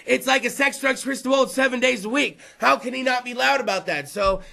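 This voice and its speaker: A man in his thirties hosting a rowdy live show at a bar. He talks loud and crude and rambles on with the crowd, in a very high, bright voice with some gravel in it. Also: brisk. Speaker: host. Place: bar or venue with a live audience.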